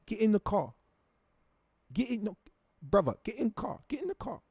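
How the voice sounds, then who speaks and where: A man voicing a menacing, mocking London gangster with a high-pitched put-on voice. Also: very animated, moderate pace, a little mellow, husky, no room sound, full character voice. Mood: taunting.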